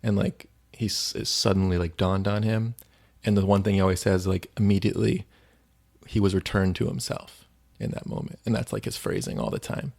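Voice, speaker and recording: A man's voice: low voice, expressive, brisk, vocal fry, darkish tone. A man co-hosting a faith podcast, retelling stories in a rambling, casual way with lots of "like.". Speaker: podcast co-host.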